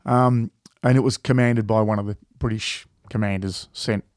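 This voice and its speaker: Rambling Australian bloke, swearing freely. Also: male voice, on the low side, fairly even intonation, normal speed, a little mellow, no echo, clean studio sound. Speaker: podcast co-host. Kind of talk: casual chat.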